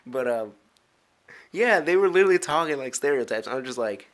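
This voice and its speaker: A man's voice: mid-range voice, a little fast. A young man in his teens, rambling casually to camera in a vlog, full of filler words, restarts and giggly asides. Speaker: vlogger.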